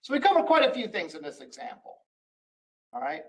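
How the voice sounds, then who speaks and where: A man teaching a college web development class, walking through code step by step with frequent pauses and restarts. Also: high voice, huge pitch swings, low-quality recording. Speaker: college instructor. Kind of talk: recorded screen-share lecture.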